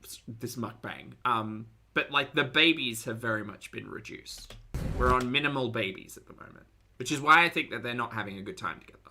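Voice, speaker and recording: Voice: mid-range voice, a little fast, noisy background. A streamer giving blunt, sarcastic live commentary to chat and swearing freely. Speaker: streamer reacting to videos.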